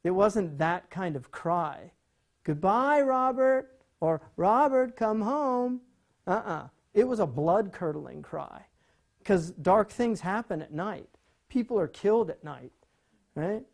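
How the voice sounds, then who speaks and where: Mellow-voiced man lecturing on poetry. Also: sits high, unhurried, creaky. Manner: rhetorical questions, frequent "right?"; animated, conversational teaching.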